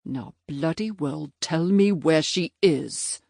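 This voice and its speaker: A woman voicing a stern male major and magistrate who talks in clipped, threatening, quietly forceful lines. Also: sits low, takes it slowly, vocal fry, no echo, clean studio sound, full character voice.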